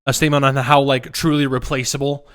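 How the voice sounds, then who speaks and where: A man's voice: medium pitch, little pitch movement, fast talker, fairly bright tone. A man co-hosting a casual podcast, talking loosely and often repeating words as he restarts his sentences. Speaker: podcast co-host. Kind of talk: casual chat.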